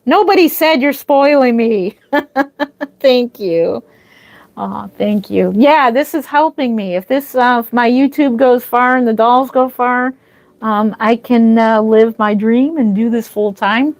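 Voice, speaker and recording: A woman's voice: fairly high pitch, slow, no room sound. Gushing, grateful woman streamer. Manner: gushing, easily moved, thanks viewers often. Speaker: livestream host, reborn doll artist. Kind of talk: casual livestream chat.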